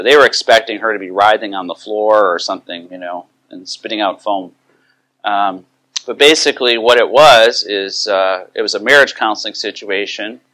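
Bright-voiced man teaching counselors. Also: on the low side. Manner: conversational, acts out quoted dialogue. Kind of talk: teaching talk with story.

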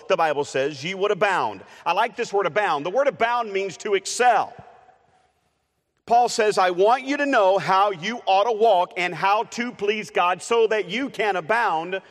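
A man's voice: fairly high pitch, fairly bright tone. A male preacher giving a sermon in a conversational, playful way, with frequent uh's and restarts. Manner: playful with the congregation. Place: church sanctuary. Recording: long reverb of a church hall.

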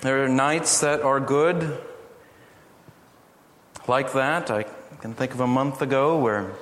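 A middle-aged man preaching a sermon, telling family stories in an earnest, gently humorous way. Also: mid-range voice, slow. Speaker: pastor. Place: church hall. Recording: echoey hall from far off, faint noise.

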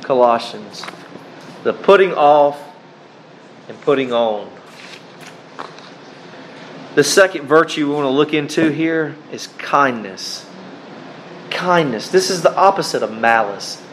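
This sermon comes from a male preacher whose voice sits on the high side with lively intonation; he calls the congregation beloved and reads scripture in short, deliberate, pause-broken phrases. A faint air-conditioning hum sits beneath the rough recording.

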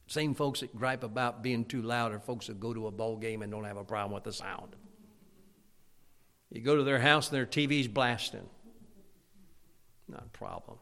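A man preaching a fiery sermon as pastor, loud and emphatic, with stammered restarts. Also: medium pitch, moderate pace, long pauses. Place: church sanctuary. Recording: long church reverb.

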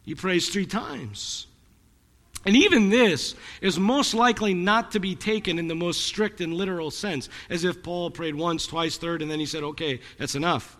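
A man's voice: high-pitched, moderate pace, a bit bright, long reverb tail. A man pastor preaching a sermon to his congregation in a church, earnest and dramatic. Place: church sanctuary.

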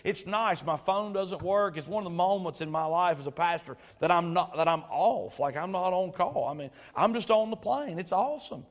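A male pastor with a high-pitched voice preaches a sermon at a moderate pace with few pauses. He stretches out key words for emphasis and tells stories with humor.

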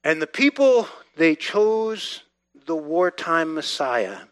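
A man preaching a sermon with emphatic repetition, dropping quiet and then rising loud. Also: a little high, very animated, takes it slowly, no room sound. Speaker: pastor.

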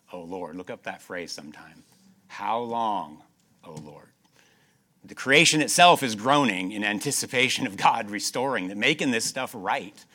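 A man preaching with a bright, ringing tone that cuts through clearly. He swings from loud, emphatic stretches to soft, slowed passages, repeating key phrases and asking his congregation rhetorical questions. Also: on the low side. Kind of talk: sermon.

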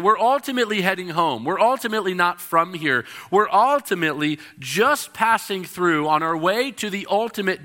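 A male pastor delivers a sermon in a church, his voice bright and a little high. He preaches expressively and brings the stories alive by acting out their voices.

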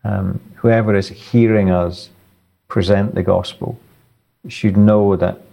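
A man answering theological questions in an interview, earnest and halting, often repeating words. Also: lowish voice, steady tone, gravelly, dark tone. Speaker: author and guest.

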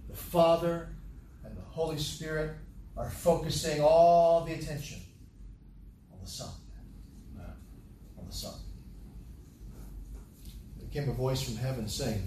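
A pastor with a warm, high-leaning voice and lively intonation takes his sermon slowly, pausing often as he reads scripture and repeats key phrases. A distant camera records him in an echoey hall, with a little hiss or hum.

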